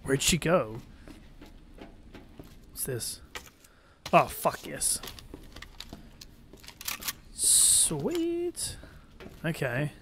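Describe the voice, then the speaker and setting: In this horror game playthrough, a young man with a mid-range voice talks extremely slowly, leaving long pauses as background noise runs underneath. He's a let's play gamer who curses heavily and shouts out jumpily when startled.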